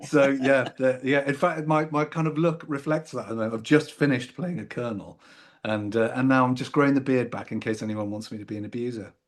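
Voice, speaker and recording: A middle-aged actor from Newcastle, England, appears as a guest in a casual chat, speaking received pronunciation at a medium pitch and a slightly quick pace. He's relaxed and self-deprecating, laughing often.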